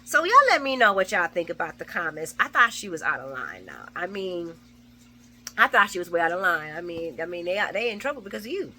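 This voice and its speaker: Bright-voiced woman recapping a soap. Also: on the low side, fairly quick, a little hiss or hum. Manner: animated, swears freely, acts out characters' lines. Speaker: soap opera recap vlogger. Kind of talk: casual spoken recap.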